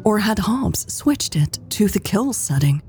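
A woman narrating a romance audiobook in a slow, measured reading. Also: mid-range voice, big pitch swings, warm tone, slightly rough, faint music behind. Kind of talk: scripted narration.

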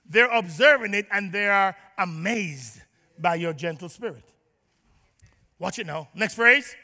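Somewhat slow but animated, the male pastor delivers an emphatic sermon in the church sanctuary, rising to shouts, sinking to low asides, and calling on his congregation for responses. It sounds as though it was recorded in a large hall.

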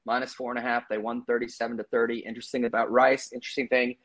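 A man's voice: mid-range voice, flat delivery, fast talker, a bit bright. A man co-hosting a podcast, giving his betting picks in loose, chatty talk full of fillers and asides. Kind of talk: casual sports-betting chat.

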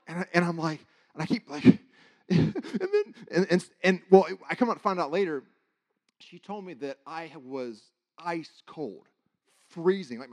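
A man preaching, telling a personal testimony in an animated, halting way, with many restarts and sudden drops to a hush. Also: fairly high pitch. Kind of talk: sermon testimony storytelling.

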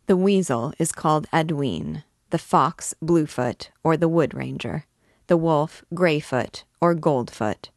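A vagabond chief lays out his lore slowly and deliberately to his followers, as a woman reads him out. Her voice stays low and close, with no room sound. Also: dry recording. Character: sharp-voiced male leader instructing followers.

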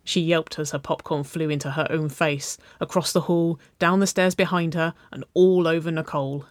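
A woman narrating a children's-style story, reading aloud with a gentle, even delivery. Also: deep voice, normal speed, no echo, studio quality.

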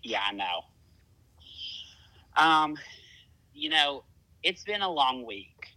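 A man's voice: fairly high pitch, big pitch swings, takes it slowly, pushed and bright, poor audio. A man with a Southern US accent hosting a casual podcast chat, chatty and self-deprecating. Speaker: podcast host.

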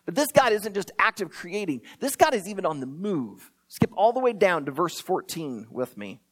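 Lively, conversational preacher. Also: medium pitch, moderate pace. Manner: conversational, asks rhetorical questions, uses playful asides. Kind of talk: sermon.

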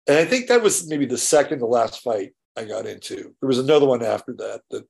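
Gravelly man telling rambling stories. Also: medium pitch, animated, brisk, a little mellow. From California. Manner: rambling storytelling, frequent "right?" and restarts; swears casually. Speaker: show host. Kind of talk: casual solo monologue.

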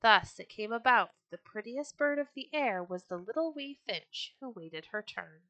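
A woman reading old storybooks aloud for children, lively and expressive as she lifts her voice for the characters. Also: a little high, normal speed, no room sound. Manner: expressive, raises her voice for quoted birds.

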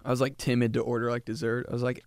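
A young man hosting a podcast, riffing through a casual comedic monologue, laughing often and jumping into high put-on voices when he quotes people. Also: level tone, rapid-fire, no room sound, clean studio sound. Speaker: podcast host.

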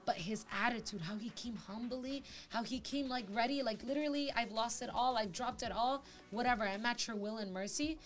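A woman's voice: a little high, brisk, few pauses. A woman in casual faith talk, earnest and reflective as a co-host. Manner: earnest, reflective, quotes scripture. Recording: faint music behind.

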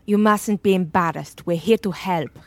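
A brisk female reptile-person adviser deals briskly with her clients, played by a woman. She is brusque and a touch patronising, with a mid-pitched voice. The sound is dry and close, as in comedy sketch acting. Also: no echo, lightly acted.

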